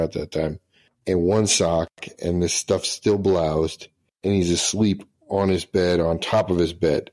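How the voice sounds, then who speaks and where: A middle-aged man with a low, darkish voice, a retired senior master sergeant, tells profane anecdotes and laughs through them in a casual storytelling style.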